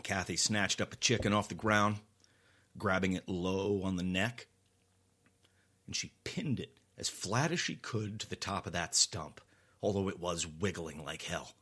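A man narrating a scripted horror story, dramatic and deliberate, dropping to a hush at tense moments. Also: deep voice, breathy edge.

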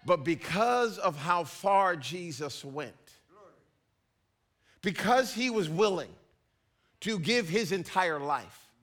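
Animated high-voiced male pastor preaching. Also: slow pace, pauses often. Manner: animated, acts out little scenes in put-on voices. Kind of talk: sermon.

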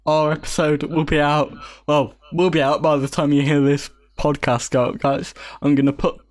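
A man's voice: fairly high pitch, a little mellow, dry recording. Casual male podcaster, playful and teasing, laughing often, dry close sound. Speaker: podcast host. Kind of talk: casual chat.

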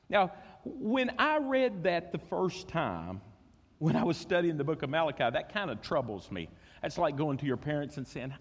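A preacher delivering a sermon in a high, lively voice that swings widely in pitch. He acts out little voices and stumbles over repeated words as he presses his point. His voice rings with the long reverb of a large church hall. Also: brisk. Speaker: pastor.

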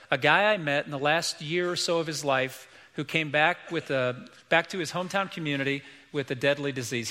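A man's voice: a little high, bright, forceful tone, big-room sound. A middle-aged man preaching a sermon as pastor, emphatic and repeating key lines, acting out quoted voices.

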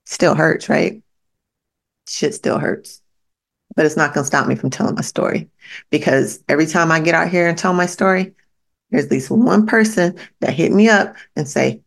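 A woman's voice: deep voice, gravelly. A woman hosting a podcast, giving a blunt, profane motivational monologue that repeats its points straight at the listener. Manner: blunt, profane, pep-talk delivery; emphatic repetition to the listener. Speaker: podcast host.

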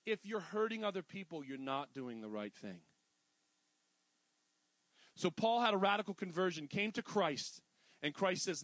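A middle-aged man preaching a sermon in a casual, animated way, full of jokey asides. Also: high-pitched, moderate pace, long pauses, dry recording. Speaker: pastor.

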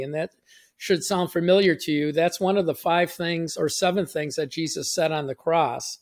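A man's voice: fairly high pitch, fairly even intonation, normal speed. A man hosting a short devotional, reading scripture aloud and explaining it in an earnest, conversational way with frequent restarts. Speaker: podcast host and Bible teacher.

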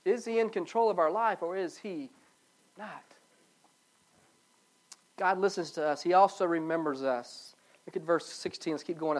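A pastor preaches a sermon, swinging from loud pleading to soft, low passages and repeating phrases to drive his points home.

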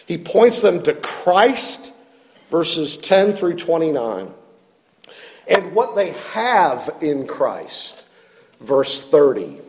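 A man's voice: a little high, big-room sound. A male pastor preaching a sermon in an earnest, self-deprecating way, often repeating words as he stresses a point.

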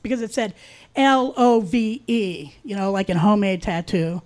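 A middle-aged woman telling a personal true story in a wry, confiding way, with dark humor. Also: mid-range voice, fairly even intonation, moderate pace.

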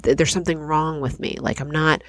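A woman hosts her own podcast and tells a personal story in a loose, self-deprecating way, often breaking into laughter. Her voice has a gravelly, fry-touched edge. The recording is dry and close, with no room sound. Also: low-pitched, fairly quick, dry recording. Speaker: podcast host.

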